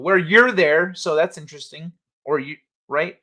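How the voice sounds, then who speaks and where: A man's voice: on the high side, normal speed, pushed and bright. A man hosting a casual livestream, reading chat and ranting in a heated, blunt, profane way.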